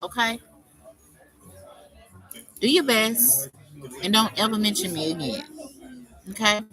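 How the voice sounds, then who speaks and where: A woman's voice: medium pitch, expressive, slow, music in the background, low-quality recording. A woman hosting a livestream, scolding someone in a confrontational, profane, unscripted rant. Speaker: livestream host.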